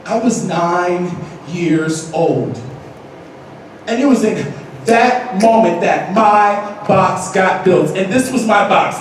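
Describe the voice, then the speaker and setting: High-voiced man telling a dramatic story. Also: takes it slowly, slight background noise. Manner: animated, dramatic storytelling with bursts of shouting. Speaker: motivational speaker. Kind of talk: storytelling motivational speech. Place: large hall at a conference. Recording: echoey hall from far off.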